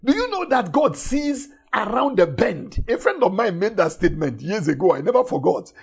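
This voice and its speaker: A man preaching a sermon emphatically, repeating phrases and swinging between shouted emphasis and soft, intimate lines. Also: sits high, sing-song, normal speed, creaky, slightly rough.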